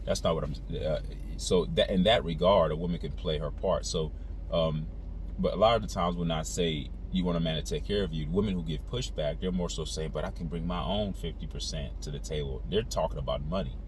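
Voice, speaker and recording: A man giving an earnest, opinionated monologue while driving, lecturing the listener and repeating words as he restarts. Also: brisk. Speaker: vlogger. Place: inside a car while driving. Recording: loud road and engine noise inside a car. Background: traffic and engine rumble.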